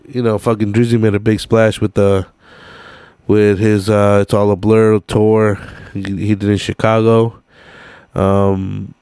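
A man's voice: lowish voice, darkish tone, clean tone, dry recording, clean studio sound. A man in his late twenties hosting his own podcast alone, rambling casually late at night in slang with lots of fillers and swearing, sounding sleepy. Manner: laid-back, profane street slang with many fillers. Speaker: solo podcast host.

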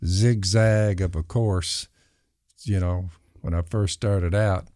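An older man who speaks slowly and deliberately, with long pauses between phrases. His voice sits deep and low. The sound is dry and close, with no room echo. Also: fairly even intonation, a little mellow. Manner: slow, measured, with pauses. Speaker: show regular, father of the hosts. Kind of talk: casual chat.

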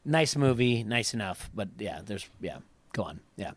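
A man's voice: on the low side, very animated, moderate pace, no echo. A man co-hosting a podcast, chatting casually with wry, joking asides. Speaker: podcast co-host. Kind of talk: casual chat.

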